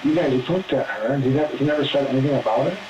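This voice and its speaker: A man's voice: mid-range voice, fast, dull audio. A man working as a police interrogator, pressing his questions and repeating himself. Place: interrogation room. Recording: echoey noisy interrogation room.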